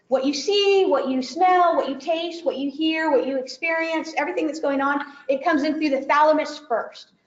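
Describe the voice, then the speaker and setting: A woman giving a lively workshop talk to educators, acting out children's inner voices and checking in with "right?". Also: high voice. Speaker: trauma-informed education presenter. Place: conference room, echoey. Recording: dull, echoey conference room recording.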